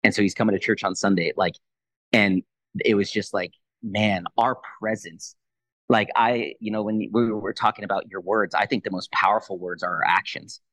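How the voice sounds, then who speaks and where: Animated man in his thirties telling a faith story. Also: lowish voice, no echo, low-quality recording. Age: 30s. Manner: animated, quick retelling that acts out both sides of a conversation. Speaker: Christian leader, podcast guest. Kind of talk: personal testimony storytelling.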